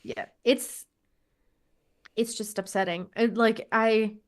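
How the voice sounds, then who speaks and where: A woman's voice: a little high, fairly even intonation, takes it slowly. A woman co-hosting a motorsport podcast over a remote call, talking casually and frankly, swearing and laughing often. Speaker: podcast co-host. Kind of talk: casual chat.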